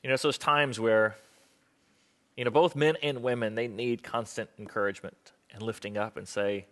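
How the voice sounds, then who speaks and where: A man's voice: mid-range voice, steady tone, moderate pace, a bit bright. A young man preaching a sermon on marriage to a live audience, conversational and self-deprecating, acting out the people he quotes. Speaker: pastor.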